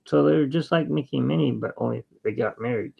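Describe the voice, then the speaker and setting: Brief: man, very gravelly voice, slow rambling jokey chat, muffled lo-fi sound. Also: medium pitch. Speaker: artist and channel host. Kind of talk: casual chat while drawing.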